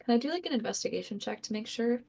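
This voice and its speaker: A woman's voice: fairly high pitch, expressive, racing, gravelly, a crowd in the background. A woman playing a tabletop game, asking questions in a casual, upbeat way and laughing often. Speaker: player.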